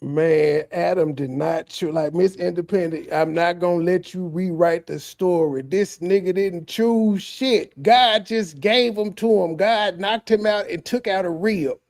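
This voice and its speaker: This male streamer has a high, darkish voice and talks at a measured pace with few pauses. Reacting to clips, he launches into a heated, preachy, profane rant aimed directly at a viewer in chat, stretching out words for emphasis.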